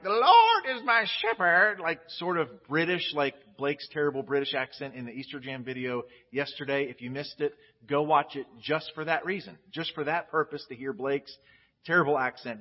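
Man, pastor, casual sermon voice, candid, muffled lo-fi recording. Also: on the high side. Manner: candid and chatty, frequent restarts. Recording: dull lo-fi audio.

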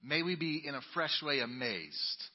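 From the pulpit of a church sanctuary, a pastor with a slightly high voice reads scripture at a measured pace, his lively intonation swinging dramatically from booming lines to hushed asides. A long church reverb carries his voice, and the sound is a bit dull and muffled.

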